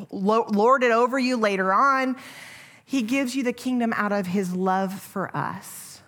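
A middle-aged woman delivers a sermon to her church. Her voice sits slightly higher than most, and she speaks with an earnest, gentle warmth, often circling back to restart a phrase. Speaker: preacher.

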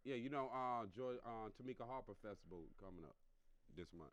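A man co-hosting a podcast, speaking softly and hesitantly with many pauses and fillers. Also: mid-range voice, slight background noise. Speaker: podcast co-host. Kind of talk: casual chat.

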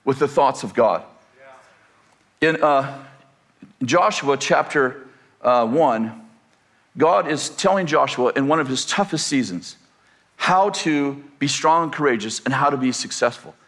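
A man's voice: medium pitch, expressive, measured pace, long pauses, fairly bright tone. A man preaching a sermon as pastor, asking the congregation rhetorical questions and acting out quoted voices.

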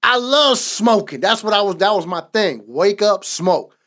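A man's voice: sits high, big pitch swings, moderate pace, fairly bright tone. Emphatic man giving testimony. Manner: emphatic, repetitive preaching cadence. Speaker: podcast co-host. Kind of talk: casual faith talk, personal testimony.

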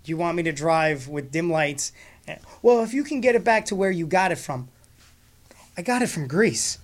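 A man's voice: on the high side, expressive, moderate pace. A man telling a funny story in casual conversation, acting out both sides of the exchange and laughing often as he talks.

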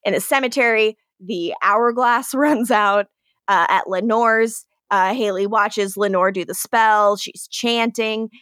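A woman's voice: mid-range voice, unhurried, dry recording, studio quality. A woman co-hosting a podcast, recapping a TV episode in casual chat, laughing and swearing often. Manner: giggly, profane, animated retelling. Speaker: podcast co-host.

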